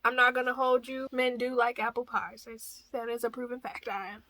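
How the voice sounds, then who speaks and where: Young woman vlogger, casual film recap, wry jokes, slightly high, bright voice, dry close sound. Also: little pitch movement, moderate pace, dry recording. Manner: chatty, joking, wry asides.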